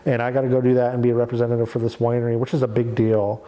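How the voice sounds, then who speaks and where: Mellow-voiced man telling his story. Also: medium pitch, completely flat delivery, very fast. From Oregon, USA. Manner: candid, chatty, acts out quoted dialogue. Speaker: interviewee in an oral history. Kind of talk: casual storytelling. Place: indoors, near a small town.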